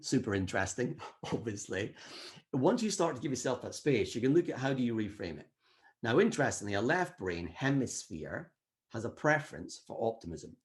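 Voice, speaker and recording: A middle-aged man giving an energetic motivational talk at a wellbeing summit, acting out quoted inner voices. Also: mid-range voice.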